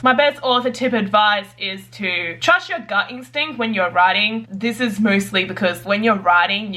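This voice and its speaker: Bright, bubbly woman chatting to camera. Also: mid-range voice. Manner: chatty and bubbly, full of "like" fillers. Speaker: writer vlogger. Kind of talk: casual chat to camera.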